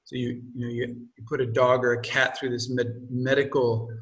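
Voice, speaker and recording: A man's voice: mid-range voice, level tone, normal speed, a bit bright. A man reading aloud from his own book, stopping often for loose, joking asides and homely examples. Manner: digressive, stops to explain with homely examples and jokes. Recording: voice from a distance from the mic.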